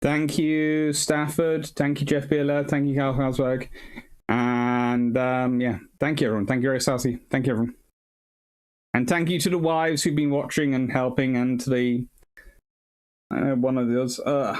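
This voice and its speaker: A tired man of middle pitch hosts a history livestream, rambling as he reads the chat aloud. He thanks viewers one by one in a loose, chatty sign-off. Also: flat delivery, normal speed, darkish tone. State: tired, short on sleep. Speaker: naval history host and academic.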